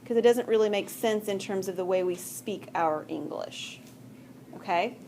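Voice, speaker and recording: A woman's voice: medium pitch, normal speed, mellow, a little hiss or hum. A woman teaching math to a class, talking patiently and conversationally and often checking that students follow. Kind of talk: classroom lecture.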